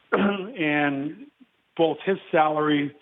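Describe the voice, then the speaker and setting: A man in his fifties, a guest giving measured football analysis and clearing his throat often. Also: on the high side. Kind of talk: casual phone interview. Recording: tinny phone line.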